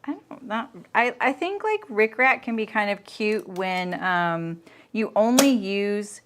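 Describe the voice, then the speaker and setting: Speaking slowly in an expressive, medium-pitched voice, a woman runs a sewing livestream over some background noise. She keeps up a casual chat, thinks out loud while sewing, and laughs often.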